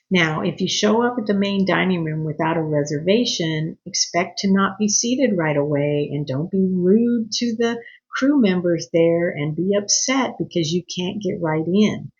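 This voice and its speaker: A woman's voice: on the low side, lively intonation, unhurried, dull audio. A woman talking casually to her viewers, giving earnest, slightly scolding etiquette advice with chatty asides. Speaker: cruise vlogger. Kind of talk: casual advice talk to camera.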